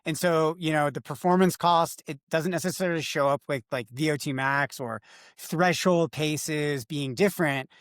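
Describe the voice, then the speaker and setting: Easygoing man co-host, slightly high voice. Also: normal speed, fairly bright tone, no room sound, studio quality. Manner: explanatory, easygoing, laughs often. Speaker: podcast co-host, coach. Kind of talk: casual chat.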